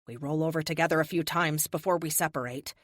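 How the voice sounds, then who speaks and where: A woman narrating a first-person action audiobook with dramatic, expressive delivery on a close studio mic. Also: sits low, fast, dry recording.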